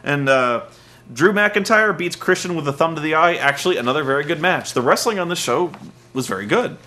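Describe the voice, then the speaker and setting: Sarcastic, bright-voiced man ranting. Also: on the high side, lively intonation, brisk. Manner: sarcastic, ranting, mocks wrestlers with silly voices. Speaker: wrestling recap host. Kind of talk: casual comedic recap.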